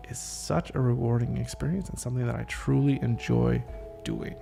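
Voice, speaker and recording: A podcast host rehearses a script on his own in a casual way, reading each line aloud, then stopping to question and reword it. His voice is middle-pitched with a gravelly edge and a warm tone, and faint music plays behind him.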